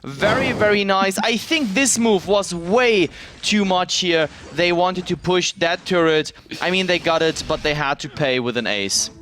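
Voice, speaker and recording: A man calling play-by-play in a live esports match, excitable and swooping with the action. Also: high voice, unhurried, few pauses, slight background noise.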